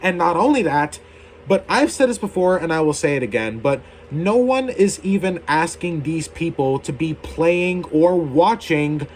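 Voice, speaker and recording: A man's voice: fairly high pitch, expressive, unhurried, slight background noise. Heated young man ranting to camera. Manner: heated, indignant, swears casually. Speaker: YouTuber. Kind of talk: ranting opinion video.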